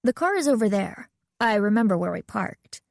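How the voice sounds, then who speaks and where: A woman's voice: mid-range voice, sing-song, normal speed, creaky, no room sound, studio quality. A woman voicing a practical, matter-of-fact teenage girl in an audiobook.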